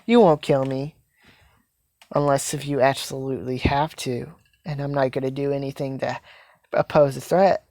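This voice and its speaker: A woman voicing a possessive teenage vampire queen in a fan-made story, speaking softly and calmly teasing. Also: very deep voice, pitched below the performer's own voice.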